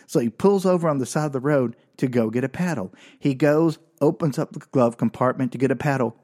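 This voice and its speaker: A man's voice: mid-range voice, fairly quick, few pauses, a little mellow. A man hosting his own podcast, telling a childhood story in a comic, self-mocking way and laughing often. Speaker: podcast host.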